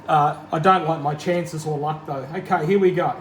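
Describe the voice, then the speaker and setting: Australian man, home workshop vlogger, wry self-mocking humour, slightly high voice, machine noise behind. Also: fairly even intonation, normal speed, echoey room, rough recording. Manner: joking, self-deprecating. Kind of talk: casual workshop narration.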